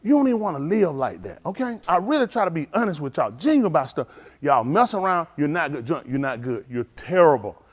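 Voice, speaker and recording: A man's voice: fairly high pitch, brisk. A middle-aged man preaching on a livestream, telling street stories and acting out the dialogue while scolding his listeners. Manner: animated storytelling, acts out dialogue, scolding the audience.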